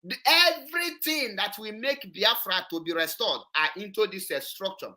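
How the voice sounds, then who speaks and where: A woman's voice: mid-range voice, animated, moderate pace, sharp tone. A woman, hosting an online show and commenting on a played clip, emphatic and repetitive. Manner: emphatic, repetitive, switches into Igbo.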